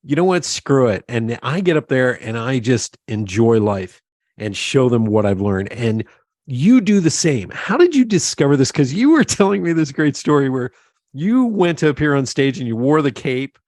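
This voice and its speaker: A middle-aged man hosting a casual interview, playful and quick to joke. He has a middle-pitched voice, and the recording is dry with no room echo. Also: sing-song, a little mellow. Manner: playful, joking, quick to laugh. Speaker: podcast host.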